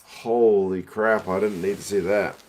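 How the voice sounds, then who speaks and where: Excitable New Zealand man, low voice. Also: unhurried. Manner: excitable, slangy, reads out viewer comments. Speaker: host watching rugby with live chat. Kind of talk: casual live watch-along chat.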